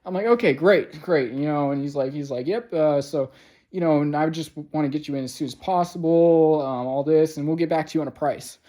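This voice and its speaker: A young man talks straight into a camera in a room at home, rambling through a long, frustrated story. He swears often and leans on fillers. Now and then he breaks into loud, sarcastic outbursts. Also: on the high side, fairly quick. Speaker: vlogger. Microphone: camera mic.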